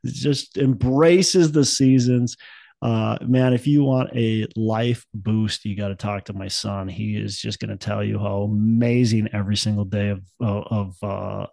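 A man's voice: lowish voice, fairly even intonation, unhurried, vocal fry, mellow, no echo. A man in his thirties from Minnesota, co-hosting a podcast in casual chat, rambling and upbeat with many restarts. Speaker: podcast co-host.

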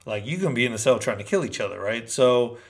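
A man's voice: medium pitch, animated, fast talker. Man from Northern California, casual storyteller, slangy and rambling, mid-range voice. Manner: slangy, rambling, street talk. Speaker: storyteller recounting prison life.

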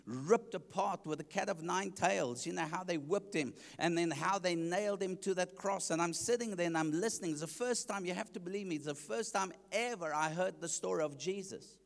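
A man preaching his testimony, telling the story animatedly and acting out his own past reactions. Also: on the high side. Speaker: evangelist. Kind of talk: sermon testimony. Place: church. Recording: long church reverb.

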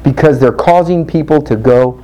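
A man preaching fervently, dropping his voice low to act out quoted speakers. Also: normal speed, warm tone, low-quality recording. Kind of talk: impassioned preaching.

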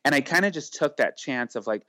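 A young man chats as the guest in a casual interview, recounting his work with lively, chatty energy. His voice sits at an ordinary middle pitch for a man. He slips into others' voices as he quotes them, and fills his talk with casual fillers. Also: fairly quick, no room sound, studio quality. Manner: animated, acts out quoted dialogue, heavy use of filler. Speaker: celebrity makeup artist, guest.

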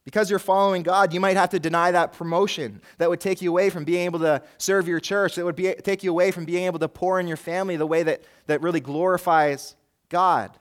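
A man's voice: high voice, fairly even intonation, fast talker. A man preaching a sermon as pastor, earnest and rising and falling in force, with a light joke now and then. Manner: jokes lightly with the congregation.

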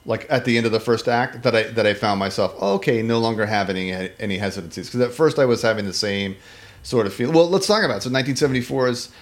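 Talking quickly in a mid-range voice, this man co-hosts a podcast and casually discusses a film. His delivery rambles with frequent restarts and fillers, and he animatedly performs quotes in different voices.

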